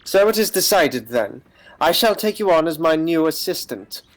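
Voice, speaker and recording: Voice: mid-range voice, sing-song, moderate pace, close to an everyday voice. A streamer doing a pompous penguin detective. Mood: smug. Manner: grandiose, formal, self-assured. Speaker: streamer reading game dialogue. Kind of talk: voice acting a game's text on stream.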